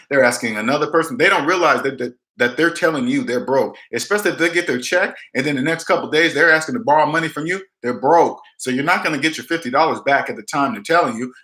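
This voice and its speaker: An emphatic man talks through money advice in a loose, chatty way, hammering his points home. His voice is bright and sits a little high. The room around him sounds echoey. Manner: emphatic, blunt, repeats himself, acts out quoted people. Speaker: debt advice vlogger. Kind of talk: casual live-stream advice talk.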